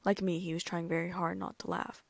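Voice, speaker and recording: A woman narrating a first-person fan fiction audiobook in a lively, amused way, close to the mic. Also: fairly low pitch, fairly quick, creaky, no echo.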